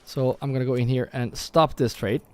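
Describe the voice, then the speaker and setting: A man's voice: medium pitch, steady tone, a little fast, clear, resonant tone. A man casually commenting on his own gameplay on a live stream, thinking aloud and often correcting himself. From Norway. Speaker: gaming streamer. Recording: faint background music.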